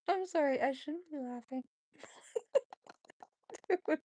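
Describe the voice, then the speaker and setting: A woman's voice: high voice, slow pace, a little mellow, a little hiss or hum. A woman vlogging at home, coaxing her cats onto the bed with giggly baby talk. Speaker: vlogger, cat owner. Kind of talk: casual chat with her pets.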